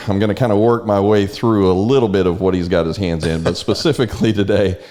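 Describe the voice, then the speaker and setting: A man's voice: fairly low pitch, brisk, hardly any pauses, darkish tone. A man hosting a community podcast, interviewing his guest in a rambling, easygoing way full of restarts. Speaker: podcast host. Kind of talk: casual interview.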